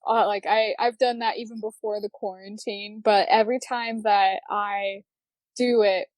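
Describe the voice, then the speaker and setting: A woman's voice: mid-range voice, fairly even intonation, a little slow, no echo. A woman hosting a casual chat with a fellow maker, giggly and self-deprecating, laughing often as she talks. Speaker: podcast host.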